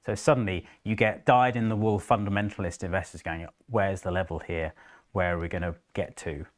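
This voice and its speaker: Guy co-hosting a live trading show, deep-ish voice, animated. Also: fairly quick. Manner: animated, acts out investors' inner voices. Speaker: co-host. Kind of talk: live market commentary.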